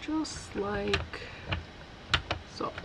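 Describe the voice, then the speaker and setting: Slow-talking woman giving a craft tutorial. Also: mid-range voice, heavy background noise. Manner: chatty and unhurried, talks while working. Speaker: card-making instructor. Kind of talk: casual stamping tutorial.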